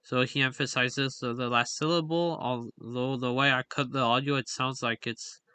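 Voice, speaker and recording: A man's voice: mid-range voice, steady tone, normal speed, bright, forceful tone, clean tone, dry recording. A man explaining a language's stress patterns in a casual, hesitant way, full of fillers and self-corrections. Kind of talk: casual explainer with on-screen examples.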